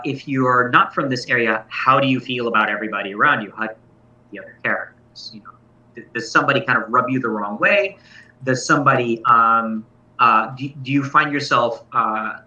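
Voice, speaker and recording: A man who runs tabletop games gives a casual, thoughtful talk at a convention, explaining his methods and correcting himself as he goes. His mid-range voice sounds pushed and bright. The convention-room recording is echoey, distant and dull.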